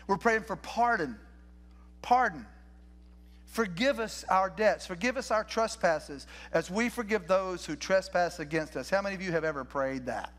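Older man, pastor's sermon, high voice, folksy talk with restarts. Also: a bit bright. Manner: folksy, conversational preaching with many restarts and questions to the congregation. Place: church sanctuary.

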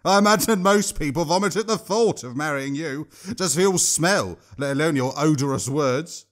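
Guy doing a cranky old lady, high and shrill, storybook reading. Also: moderate pace, lightly acted. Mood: indignant, angry. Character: bitter, sharp-tongued old woman. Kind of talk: audiobook reading.

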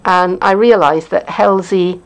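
A woman's voice: on the low side, steady tone, a little slow, poor audio. A middle-aged woman with a Welsh accent, chatting casually as a craft demonstrator, rambling along with lots of fillers and little chuckles. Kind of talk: casual unboxing chat.

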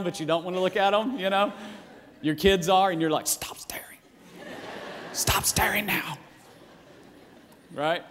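A male pastor preaching a sermon in a church in a casual, playful way, acting out quotes and sometimes shouting. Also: high voice. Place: church auditorium. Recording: long hall reverb.

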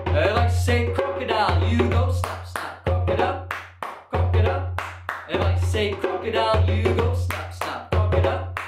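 A man's voice: sits high, moderate pace. Upbeat man leading drums. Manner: upbeat, counting aloud, cheering kids on. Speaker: drum workshop leader. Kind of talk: energetic children's music class. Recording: echoey room with drum music.

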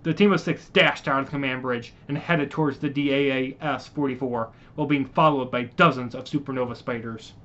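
A man's voice: medium pitch, fairly even intonation, brisk, hardly any pauses, a bit bright. Man reading a story, correcting slips. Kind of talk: reading his own sci-fi story aloud. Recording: muffled lo-fi recording.

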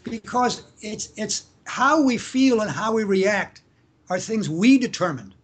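Answering interview questions in a relaxed way, this Canadian man, a family lawyer, acts out examples by shouting them and frequently restarts his sentences. His high voice has lively intonation, with a little hiss or hum in the background.

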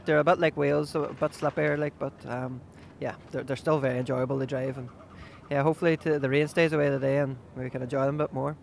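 A man's voice: mid-range voice, fairly even intonation, fast, gravelly, slight background noise. A young man, a rally driver, answering interview questions in an easygoing, hesitant way with many fillers.

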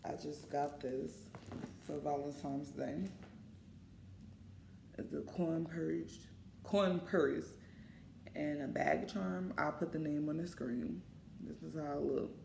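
A woman's voice: deep voice, fairly even intonation, slow, vocal fry, long pauses, reverberant, noisy background. A woman vlogger talking casually and informally to her viewers, often calling them y'all. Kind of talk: casual vlog chat. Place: in line at a shopping mall coffee shop.

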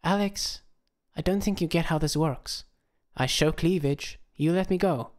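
A man's voice: on the high side, a little slow, a little mellow, pitched above the performer's own voice, natural voice. A man voicing a sarcastic young woman with a dry, mocking delivery in an audiobook. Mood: bossy. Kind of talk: audiobook character voice.

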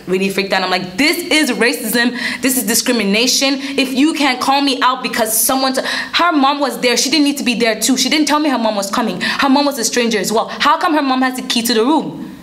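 Animated young woman telling a story. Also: on the high side. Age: young adult. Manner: animated, indignant, slangy storytelling. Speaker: vlogger. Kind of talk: storytime vlog.

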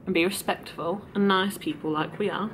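A woman's voice: mid-range voice, fairly even intonation, a little fast, fairly bright tone, a little hiss or hum. A woman chatting to a handheld camera, giggly and hesitant with lots of ums. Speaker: friend on the trip. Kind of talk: casual chat to camera.

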